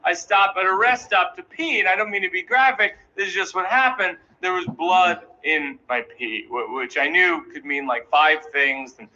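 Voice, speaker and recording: A man in his thirties telling a stand-up comedy story in an anxious, self-deprecating, animated way. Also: high-pitched, moderate pace, few pauses. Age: 30s. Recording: dull, noisy live recording.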